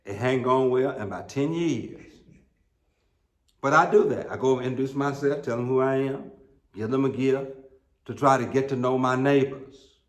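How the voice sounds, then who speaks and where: In a church sanctuary with roomy acoustics, a middle-aged American pastor delivers his sermon through folksy, funny stories punctuated by emphatic peaks. He speaks at an ordinary pace in a medium pitch.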